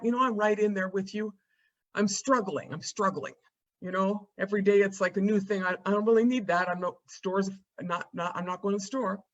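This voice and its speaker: A woman's voice: on the high side, fairly bright tone, highs cut off. A woman panelist from the United States giving her opening thoughts from her rural home in a casual, wry way, full of "you know" and joking asides. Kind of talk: conversational panel talk.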